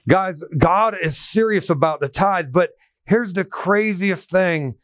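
A man with a high, bright voice preaches with emphatic, animated delivery. His voice is captured close and dry, with almost no room sound around it. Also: slow pace, no room sound. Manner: emphatic preaching, quoting scripture in a raised voice. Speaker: pastor. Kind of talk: sermon.

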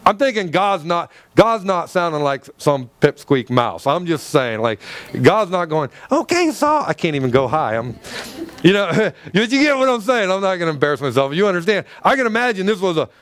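High-voiced animated male preacher. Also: brisk, clear, resonant tone, no room sound. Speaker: pastor. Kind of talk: sermon.

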